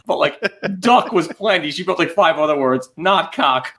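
A man's voice: a little high, expressive, moderate pace, a bit bright. A man co-hosting a casual podcast, telling a story about his daughter with wry, dry humor and some laughter. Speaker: podcast co-host. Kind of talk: casual chat.

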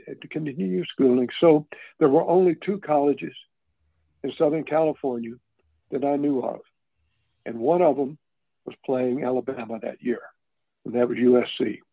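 Over a dry, tinny phone line with no echo, an older male interview guest rambles through casual stories, restarting frequently and drifting into asides. His pitch is fairly high, and his voice is creaky and slightly rough.

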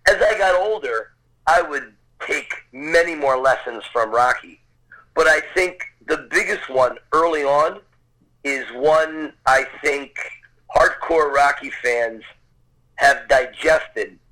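A man's voice: medium pitch, bright, forceful tone, low-quality recording. Earnest man telling a personal story. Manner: earnest, conversational, acts out quoted voices. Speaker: storyteller guest. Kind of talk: personal anecdote, casual storytelling.

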